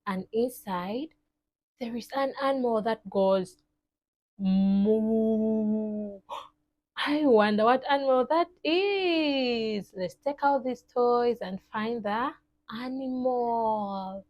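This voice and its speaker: Slow sing-song woman teaching toddlers. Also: a little high. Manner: slow, exaggerated and cheerful, imitating animal sounds. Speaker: children's teacher.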